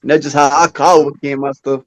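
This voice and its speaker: A man's voice: fairly high pitch, flat delivery, fast. A man, co-hosting a podcast and telling an earnest story. He talks casually and acts out quoted dialogue. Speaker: podcast co-host.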